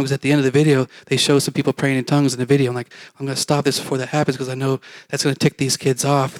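A man's voice: medium pitch, no echo. A man preaching a testimony, telling his story in a rambling, conversational way with fillers and acted-out quotes.

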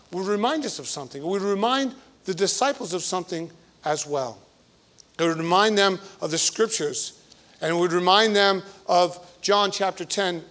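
Man, priest, sermon, high-pitched, bright tone, conversational, emphatic repetition.

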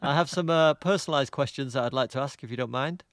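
A man's voice: medium pitch, fast talker, no room sound, studio quality. A man hosting a casual film podcast, asking wry teasing questions. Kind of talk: casual chat.

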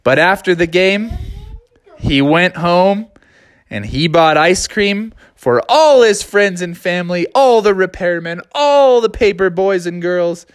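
A man's voice: sits high, animated, measured pace, smooth, dry recording. A young man improvising a silly story, rambling and playful, laughing along.

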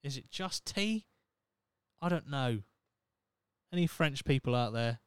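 Rambling through his solo podcast, a man in his thirties from Norfolk, England, swears freely and pokes fun at himself in a Norfolk accent. His smooth, clear voice sits at a middling pitch and is expressive, moving at a measured pace. The sound is close and dry.

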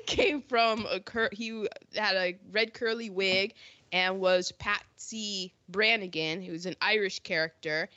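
A woman's voice: mid-range voice, takes it slowly, bright, forceful tone, no room sound. Woman co-host, casual and chatty, wanders into asides, dry dull mic. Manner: chatty, laughs often, trails into asides. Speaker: podcast co-host. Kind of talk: casual chat about old films.

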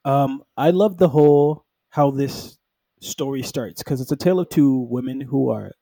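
A man with a warm, mellow voice, recorded dry and close. He chats casually about comics, sprinkling in "like" and jumping into quick acted-out quotes from the characters. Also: medium pitch, vocal fry, no room sound, rough recording. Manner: animated storytelling, acting out characters in quick quoted lines; peppers speech with "like". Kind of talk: casual comic book chat.

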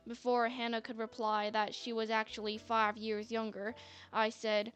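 A woman's voice: on the high side, monotone, normal speed, fairly bright tone. A woman narrating a story in a chatty manner, with sarcastic asides. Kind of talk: scripted narration. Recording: faint music bed.

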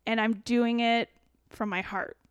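Middle-aged woman chatting on a podcast, kinda high smooth voice, very expressive. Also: unhurried, no room sound, clean studio sound. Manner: animated, expressive, emotional. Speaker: guest. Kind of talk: casual storytelling.

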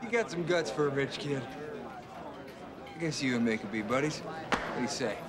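A man's voice: medium pitch, lively intonation, moderate pace, a crowd in the background, close to an everyday voice. An actor playing a brash, teasing young male army recruit in a movie clip. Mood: cocky. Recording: movie clip with loud background noise.

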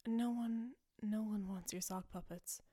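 A woman's voice: medium pitch, fairly even intonation, unhurried, warm tone. A young woman hosting a podcast, rambling casually through a made-up story, full of fillers and self-amused asides. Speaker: podcast host.

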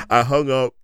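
A man's voice: mid-range voice, a bit bright, clear, resonant tone, no echo. A man telling stories in a loose, rambling monologue, laughing often and restarting his sentences.

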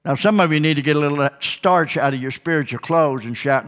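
A man preaching a sermon as a pastor in church, fervent and folksy, with call-and-response "Amen?" and sudden shouts. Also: a little high, fairly quick, few pauses. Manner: old-fashioned, down-home speech.

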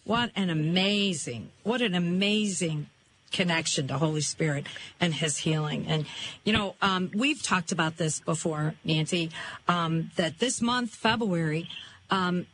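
A woman's voice: on the low side, measured pace, fairly bright tone, a little hiss or hum, rough recording. A woman hosting a casual chat, affirming her guest and then telling a story. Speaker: host.

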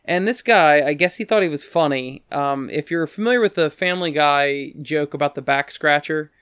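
A man's voice: moderate pace, fairly bright tone, clear, resonant tone, dry recording, studio quality. A man telling a rambling story in casual chat, breaking into quoted voices now and then. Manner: rambling, acts out quoted voices with pitch jumps.

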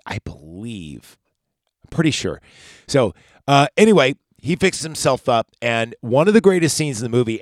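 A man's voice: on the low side, no room sound. A man hosting a podcast, recapping a movie in a laid-back, chatty way that rambles into digressions and swearing. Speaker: podcast host.

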